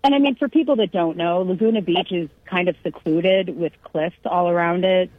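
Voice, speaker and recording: A woman with a slightly low, husky voice tells a family story in easygoing conversation, slipping into the voices of the people she quotes. The sound is dry and tinny, like a phone line. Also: normal speed, no room sound. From California. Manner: animated anecdote-telling, acts out quotes. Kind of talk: casual chat.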